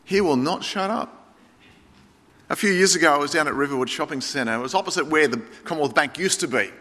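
A man's voice: fairly high pitch, lively intonation, brisk, a bit bright, in a large hall. A man preaching an emphatic sermon, calling his listeners friends. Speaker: pastor.

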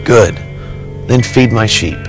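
A man playing a calm, patient teacher in a comedic skit, asking gentle repeated questions. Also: medium pitch, slow, in a large hall, soft background music, natural voice.

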